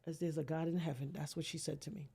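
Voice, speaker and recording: This woman's voice sits low with a steady tone, creaky and breathy, and she talks fast. As a podcast guest she tells an emotional personal story dramatically, acting out quoted voices and shifting from hushed to near-shouting.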